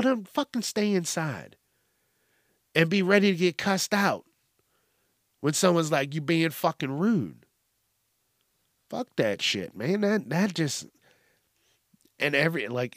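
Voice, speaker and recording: A man's voice: medium pitch, fairly bright tone, no echo, studio quality. A man hosting a podcast, ranting bluntly in a casual, profanity-heavy style. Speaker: podcast host.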